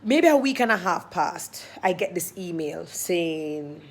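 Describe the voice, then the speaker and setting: Jamaican woman telling a lively story. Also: lowish voice, a little slow. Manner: animated, acts out her own thoughts and others' lines. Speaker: host. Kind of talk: casual storytelling.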